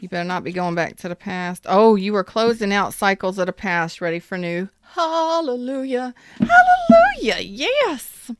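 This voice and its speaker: A woman tarot reader talks straight to her viewers in a casual, upbeat, emphatic reading. Her voice is fairly low, smooth, and fairly even in intonation, moving briskly with few pauses.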